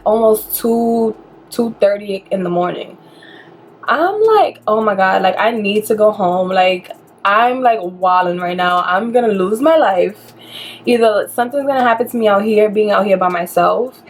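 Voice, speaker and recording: A young woman from New talks through a personal story in a loose, chatty vlog style, her voice sitting at a middle pitch. She keeps the delivery animated and peppers it with fillers. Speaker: vlogger telling a personal story.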